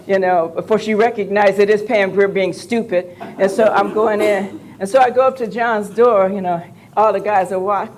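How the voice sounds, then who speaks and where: A woman's voice: medium pitch, moderate pace, a crowd in the background. Older woman telling jokey stories. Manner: animated, jokey, profane anecdotes. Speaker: convention panel guest. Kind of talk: storytelling on a live panel. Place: convention panel room.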